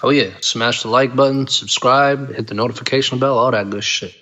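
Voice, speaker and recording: A man co-hosting a casual podcast and reading viewer comments in a laid-back way, giving shout-outs. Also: mid-range voice, fairly even intonation, brisk. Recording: dull lo-fi audio.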